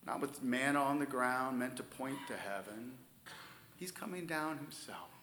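A man preaching a sermon, stressing key words loudly and then dropping to near-whispers. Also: mid-range voice, normal speed, roomy sound, slight background noise. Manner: emphatic preaching, swings from loud stresses to soft near-whispers. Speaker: pastor.

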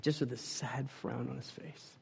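A man telling a personal story about his children to a group, rambling with many fillers and dropping to a hush at times. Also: mid-range voice, fairly even intonation, normal speed, creaky, a little hiss or hum. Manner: rambling, many fillers, swings from loud to hushed. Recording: long hall reverb.

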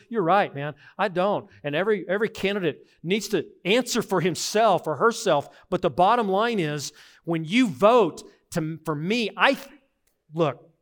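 With a high-pitched voice, a middle-aged man preaches as pastor. His earnest, emphatic sermon swings between soft reflection and forceful, insistent passages.

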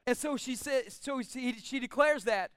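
A pastor preaches a sermon from the pulpit at normal speed in a very high voice that comes across smooth and clear. Emphatic throughout, he builds to shouts on his strongest points, captured up close with no room sound.

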